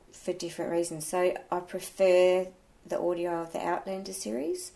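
A woman, an audiobook reviewer and blogger, chatting in an opinionated, animated way during an interview. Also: lowish voice, gravelly. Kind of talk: casual interview chat.

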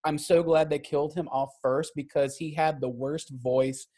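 Animated, laughing man reviewing a film. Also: on the high side, normal speed. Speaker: podcast co-host. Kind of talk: casual movie review chat.

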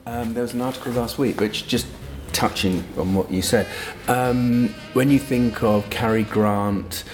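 A man hosting a conversation, musing aloud and asking thoughtful questions. His voice sits at an ordinary middle pitch. Faint music plays beneath him. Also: steady tone, unhurried, a little mellow. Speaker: interviewer host. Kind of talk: conversational interview.

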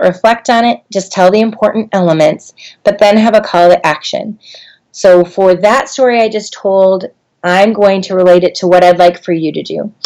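A middle-aged woman trainer giving a talk on storytelling, conversational with frequent ums and getting animated as she tells a childhood story. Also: mid-range voice. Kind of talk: instructional talk with personal story.

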